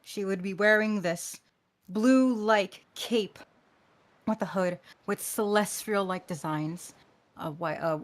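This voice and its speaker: A woman slowly and carefully describes her character over a call mic. Her voice is mid-range, and she pauses and restarts as she works through the details. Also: medium pitch, a bit bright. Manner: careful, descriptive, some hesitation. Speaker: player. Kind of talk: narrating her character's actions.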